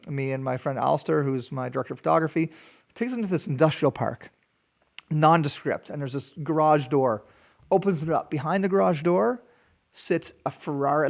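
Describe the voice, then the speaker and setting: A man hosting a podcast, telling a story in a chatty, animated way with small laughs. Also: fairly high pitch, creaky. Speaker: podcast host. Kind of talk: casual storytelling.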